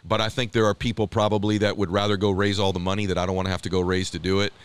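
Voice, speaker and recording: A man's voice: low-pitched, level tone, very fast, clear, resonant tone. A man talking as an interview guest, telling stories in an emphatic, earnest way. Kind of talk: casual conversation.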